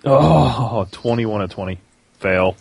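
A man's voice: lowish voice, expressive, slow, vocal fry, darkish tone, husky, no echo. A man playing a tabletop game, casual and matter-of-fact. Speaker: player.

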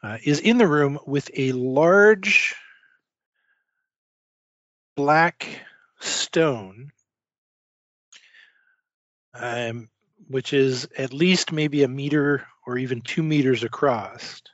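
A man narrating a tabletop horror game as game master, halting with many fillers. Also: medium pitch, fairly bright tone, dry recording, lo-fi sound.

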